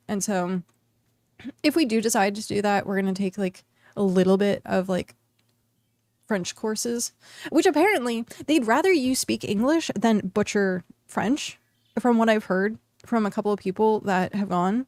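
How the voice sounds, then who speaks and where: A woman's voice: mid-range voice, measured pace, long pauses, a little mellow, dry recording. A woman streamer from the United States chatting casually while she plays, rambling with lots of fillers and restarts. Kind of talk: casual chat while gaming.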